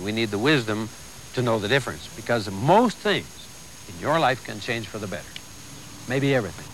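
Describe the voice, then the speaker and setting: A man's voice: medium pitch, sharp tone, a little hiss or hum, poor audio. Folksy man preaching. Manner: folksy, conversational, with humor and asides. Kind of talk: sermon.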